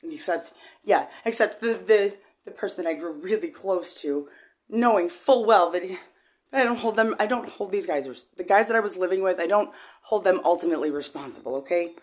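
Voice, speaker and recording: Halting, rambling woman with a low voice. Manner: rambling, halting, with many repeated words; shifts from low and quiet to loud and high when agitated. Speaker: vlogger. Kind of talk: emotional personal testimony.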